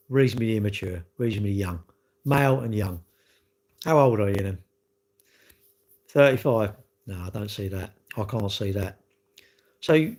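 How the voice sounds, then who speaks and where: A man's voice: on the low side, darkish tone. A man on a live stream, answering chat comments bluntly in a rambling way, full of restarts and rhetorical questions.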